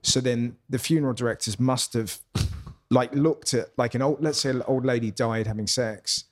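A man with a mid-range voice talks in a relaxed, reflective way, and many of his phrases trail off. It sounds like a guest speaking casually across a table in a pub. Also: medium pitch, normal speed. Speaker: comedian guest. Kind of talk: casual chat.

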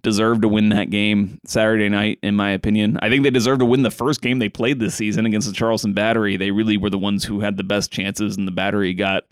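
A man's voice: on the low side, fast, hardly any pauses, clean tone, dry recording, studio quality. Man chatting casually about soccer. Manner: conversational with frequent fillers and restarts; reads quotes from a sheet in a flat reading tone. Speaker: podcast host. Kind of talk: casual solo soccer podcast talk.

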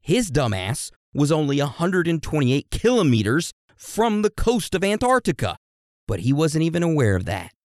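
A podcast host with a slightly high voice that swings widely in pitch talks at a moderate pace in a clean, echo-free studio recording. He recounts history in a casual, joking, profane style, teaching his co-host as he goes.

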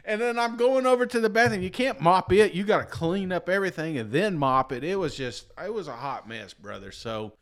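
His voice sits high and a bit bright, brisk and animated with hardly a pause. A podcast co-host who hasn't slept, he rattles off a long, rambling, self-deprecating tale in casual chat, peppered with "you know what I'm saying."

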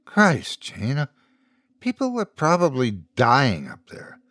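A man's voice: medium pitch, wildly swooping pitch, slow, fairly bright tone, no echo, heavily acted. A man voicing a wry young man who answers with dry sarcasm in a dry, close recording.

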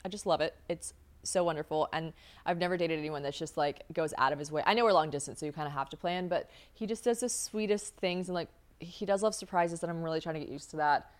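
Young american woman rambling on her podcast, lowish voice, swears a lot, laughs mid-sentence. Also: quick pace. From United States. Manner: chatty, swearing, laughs often, acts out quoted voices. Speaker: podcast host. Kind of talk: casual chat.

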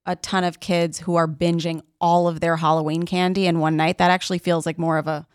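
A woman's voice: on the low side, flat delivery, fairly quick, clean tone, dry recording, studio quality. A woman co-hosting a podcast, chatting casually and acting out quoted voices as she tells stories. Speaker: podcast co-host. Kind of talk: casual chat.

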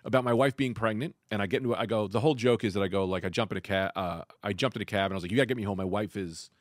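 A man's voice: fairly low pitch, racing, no echo, studio quality. A man chatting casually on a comedy podcast, telling stories with jokes. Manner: animated, joking storyteller with lively swings.

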